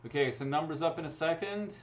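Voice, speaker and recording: Running raffle draws live into a computer mic, the host talks fast in a voice on the high side, chatting and laughing casually as he goes through each one. The livestream has dull, lo-fi sound.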